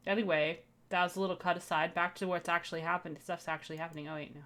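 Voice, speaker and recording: A woman's voice: fairly low pitch, level tone, fast, few pauses, fairly bright tone, faint music behind. A woman streamer giving joking, chatty commentary while playing a game. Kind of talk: let's play commentary.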